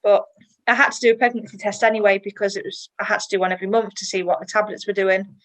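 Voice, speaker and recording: A woman's voice: mid-range voice, steady tone, fast talker, a bit bright, rough recording. Woman, 30s, chatty interview guest, emotional, laughs a lot. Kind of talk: personal interview.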